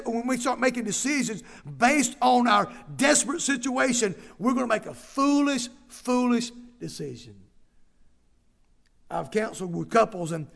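Guy preaching, really high voice w/ a gravelly edge, keeps repeating himself for emphasis. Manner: emphatic, repeats words and restarts phrases. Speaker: pastor. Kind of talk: preaching a sermon.

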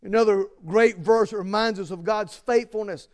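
A high-pitched male pastor tells personal stories during his sermon. He starts and stops with plenty of fillers and false starts, eventually rising to emphatic climaxes.

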